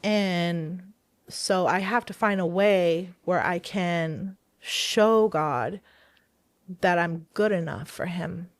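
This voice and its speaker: A woman's voice: on the low side, takes it slowly, no echo. A woman telling her personal story of faith as a guest in an interview, earnest and hesitant, often restarting her sentences. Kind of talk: personal testimony in a podcast interview.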